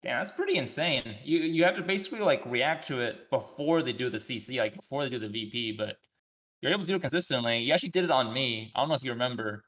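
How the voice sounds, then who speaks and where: A man who talks quickly in a middle register while co-hosting a casual interview. He sounds enthusiastic and keeps calling plays insane. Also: medium pitch, lively intonation, a bit bright. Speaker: co-host interviewer.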